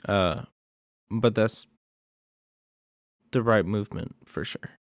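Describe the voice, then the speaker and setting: A man's voice: on the low side, slow, no room sound, clean studio sound. A man casually recapping a horror movie plot in a rambling way, with many fillers and asides.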